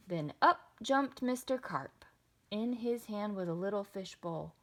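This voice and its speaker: A woman reading a children's picture book aloud with expressive, sing-song delivery. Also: mid-range voice, unhurried, background noise. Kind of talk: children's storybook read-aloud.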